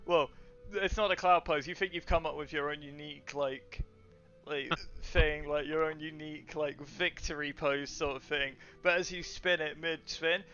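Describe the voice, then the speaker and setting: Bright-voiced young man running a game. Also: a little high, fairly even intonation, moderate pace, muffled recording, faint music behind. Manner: laughing, loose narration with fillers. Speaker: game master. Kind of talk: narrating a tabletop game.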